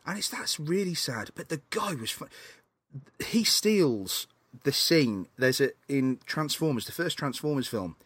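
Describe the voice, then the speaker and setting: A man co-hosting a podcast, chatting casually about films, laughing often and animated. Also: a little high, a little slow, breathy edge, no room sound. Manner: animated, laughs often, acts out film scenes. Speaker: podcast co-host. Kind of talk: casual film chat.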